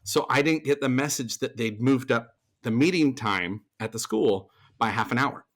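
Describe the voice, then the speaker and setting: Animated man telling a story. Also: mid-range voice, moderate pace. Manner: animated, acts out quoted voices, frequent restarts. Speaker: podcast guest, theater performer and voice actor. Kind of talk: casual storytelling chat.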